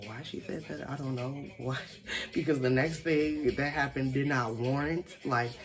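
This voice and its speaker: Chatty, animated storytime vlogger. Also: mid-range voice, a little slow, faint music behind. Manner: chatty, swearing, frequent "like" fillers; animated, acts out quoted people. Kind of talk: casual storytime monologue.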